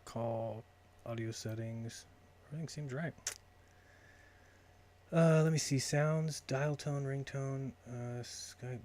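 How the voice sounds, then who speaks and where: A man's voice: medium pitch, fairly even intonation, takes it slowly. A man hosting a live call-in stream, talking casually and muttering to himself while he sorts out his call settings. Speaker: livestream host taking calls.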